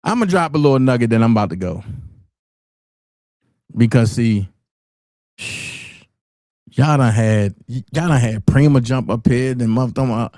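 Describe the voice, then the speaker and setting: A man's voice: mid-range voice, animated, unhurried, long pauses, darkish tone, no echo, clean studio sound. A man hosting a live call-in stream, talking in a brash, taunting, profane way. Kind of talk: casual live call-in talk.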